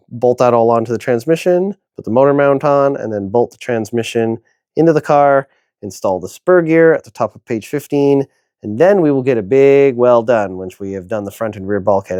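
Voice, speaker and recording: Low, mellow-voiced man talking through a build. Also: no echo, studio quality. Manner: chatty, thinks aloud with many fillers. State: yawning, tired. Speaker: hobby video host. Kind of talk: casual build tutorial narration.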